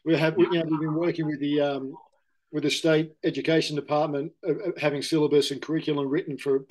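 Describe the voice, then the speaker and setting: A man's voice: a little high, fairly even intonation, fast talker, darkish tone. A middle-aged Australian man in casual candid conversation, rambling and correcting himself, often saying mate. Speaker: interview guest.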